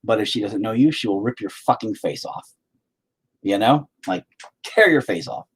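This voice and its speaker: A man's voice: fairly low pitch, lively intonation, moderate pace, breathy edge. A middle-aged man chatting casually on his vlog, rambling, swearing and sarcastic. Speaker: vlogger, band vocalist.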